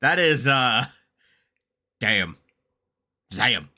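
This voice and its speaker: A man talks through a reaction video in loose, rambling asides, cursing and laughing as he goes. His voice is sharp and bright, and his pitch swings up and down a lot. The talk is casual and unscripted. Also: extremely slow. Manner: rambling, excitable, swears freely and laughs often.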